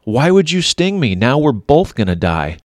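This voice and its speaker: A man's voice: mid-range voice, sing-song, normal speed, no room sound, studio quality, voice pushed up, close to an everyday voice. A man voicing a wary male frog in a fable who questions and then gives in. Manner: questioning, alarmed.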